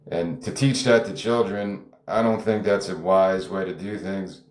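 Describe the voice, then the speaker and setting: A man with a fairly low voice thinks out loud about his own story, wandering through restarts and side remarks. He chuckles often and swears casually. The sound is roomy, with a noticeable echo. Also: measured pace. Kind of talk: casual spoken reflection.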